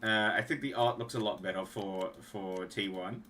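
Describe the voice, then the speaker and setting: A young man with a fairly low, steady, sharp-toned voice talks at a moderate pace on a livestream, showing off card designs he made. He's a streamer and card game designer who rambles casually, often trailing off and starting over. Slight background noise is audible.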